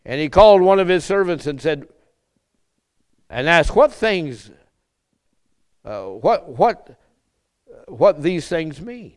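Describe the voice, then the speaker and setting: A man delivers a sermon in a smooth, resonant voice. He preaches at an unhurried, deliberate pace and stretches out his phrases. He presses his listeners with repeated rhetorical questions. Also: a little high, sing-song. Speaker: pastor.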